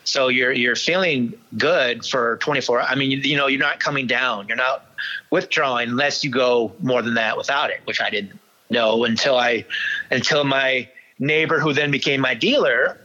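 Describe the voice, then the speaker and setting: A man recounts his own past as an interview guest, halting often and restarting his sentences. His voice is bright and forceful, pitched in the middle for a man. The sound is dull and lo-fi. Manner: halting, many restarts and fillers. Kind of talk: candid personal storytelling.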